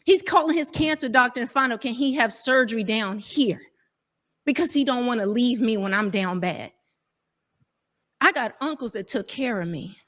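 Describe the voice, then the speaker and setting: A woman's voice: fairly high pitch, normal speed, a bit bright. A woman, a dating coach, arguing in a heated debate, defensive and talking over others.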